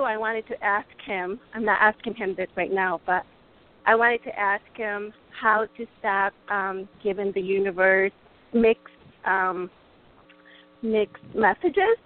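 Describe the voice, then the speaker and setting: A woman calling in to a radio show, asking her question hesitantly with many ums. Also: mid-range voice. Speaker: caller. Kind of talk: call-in question. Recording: tinny phone line.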